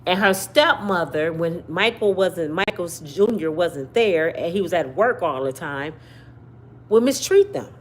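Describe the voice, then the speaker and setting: Animated woman with a lively pitch. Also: measured pace, a little hiss or hum. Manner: animated, talks to viewers directly, repeats and hedges with "allegedly". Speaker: commentary channel host. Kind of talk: casual commentary monologue.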